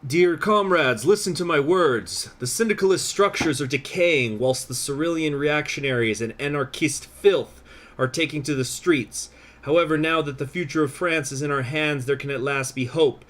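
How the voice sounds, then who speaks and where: A man voicing a stern male communist leader addressing his comrades in a slow, grand, declaiming way. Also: a little high, fairly bright tone, close to an everyday voice. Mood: rousing.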